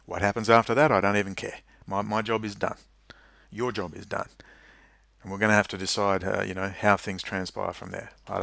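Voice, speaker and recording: A man's voice: fairly low pitch, vocal fry, a bit bright, no echo. A man delivering a rambling, emphatic and indignant political monologue to camera. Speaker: political commentator.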